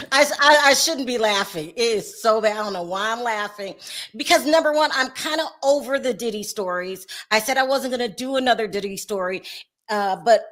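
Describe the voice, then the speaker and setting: A woman's voice: on the high side, normal speed, a bit bright. A woman hosting a casual chat show, talking loosely and laughing often. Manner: chatty, laughs often, trails off. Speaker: host.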